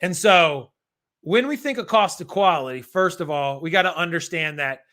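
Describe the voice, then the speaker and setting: High, bright-voiced energetic male coach. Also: normal speed. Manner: energetic, slangy, talks to chat viewers. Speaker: exam prep coach. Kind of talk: live-stream Q&A lesson.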